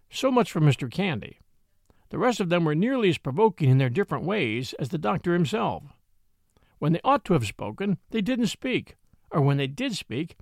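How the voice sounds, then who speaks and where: A man reading a classic novel aloud in a wry, expressive storytelling manner, close to the mic. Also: fairly high pitch, creaky, no echo. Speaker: audiobook narrator.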